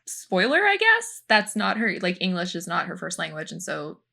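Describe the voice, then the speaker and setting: Gravelly-voiced woman telling set stories. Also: fairly low pitch, moderate pace. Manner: animated storytelling, many fillers. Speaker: podcast co-host, former film extra. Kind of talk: casual podcast chat.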